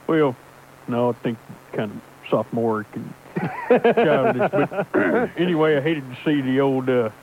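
A man doing a bumbling trucker playing reporter, gruff drawl that swoops way up and down, keeps clearing his throat. The sound is tinny and lo-fi, like it is coming over a phone line, with faint hiss behind it. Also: medium pitch, lively intonation, a little slow. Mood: grumpy. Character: bumbling folksy male truck driver posing as reporter. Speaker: guest character in comedy bit.

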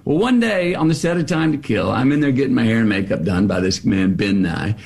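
A middle-aged man, a guest author, telling anecdotes with animated storytelling, laughing and acting out the people he describes. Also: mid-range voice, brisk, creaky, breathy edge. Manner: lively, acts out voices in anecdotes, laughs.

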